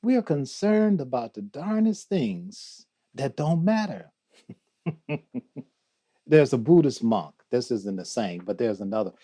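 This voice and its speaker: An older man as a guest in an interview, talking slowly and reflectively, reciting poetry and laughing often. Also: mid-range voice, big pitch swings, warm tone. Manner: slow, musing, quotes poetry, laughs often. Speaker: guest, theologian.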